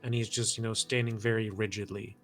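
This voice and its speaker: A man's voice: lowish voice, level tone, a little fast, fairly bright tone, soft background music. A man player describing his character in a tabletop game, descriptive with fillers.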